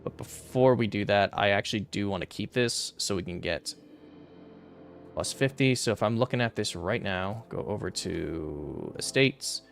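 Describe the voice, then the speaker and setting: A man's voice: lowish voice, normal speed, vocal fry, faint music behind. A young man streaming a strategy game, casually thinking aloud through his moves and muttering calculations, now and then flaring into exasperated rants. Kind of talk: casual gameplay commentary.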